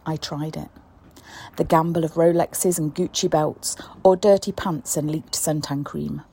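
Husky English woman reading wryly. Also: low voice, fairly even intonation, measured pace, mellow. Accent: English, East Midlands. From England. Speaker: story contributor. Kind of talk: reading a short story aloud.

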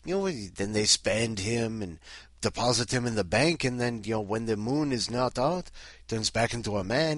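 A man's voice: mid-range voice, animated, normal speed, a bit bright, dry recording, clean studio sound. A man hosting in character as Count Dracula, rambling and joking with lots of fillers. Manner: rambling, jokey, full of fillers. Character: Count Dracula, male vampire host, rambling and punning. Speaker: host.

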